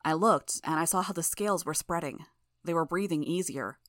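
A woman narrating a fan audiobook in the first person with a measured, even reading. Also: lowish voice, no echo, clean studio sound.

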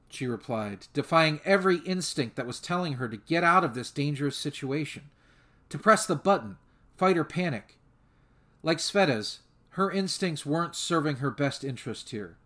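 A man narrating a fan audiobook in a measured, steady storytelling manner. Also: on the high side.

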